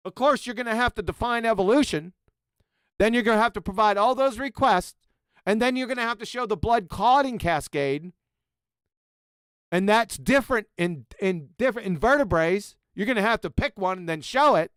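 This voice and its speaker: A man's voice: high voice, expressive, normal speed, a bit bright, smooth, dry recording, clean studio sound. A man hosting a live stream, mocking a clip with profane, sarcastic commentary. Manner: ranting, insulting, sarcastic. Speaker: live stream host reacting to clips.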